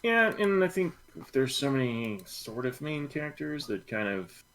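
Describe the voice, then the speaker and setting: A man of middle pitch co-hosts a relaxed book discussion, weighing his words with a little hesitation. Faint keyboard typing runs in the background. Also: a little hiss or hum, rough recording. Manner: measured, slightly hesitant and thoughtful. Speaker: podcast co-host. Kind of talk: casual book club chat.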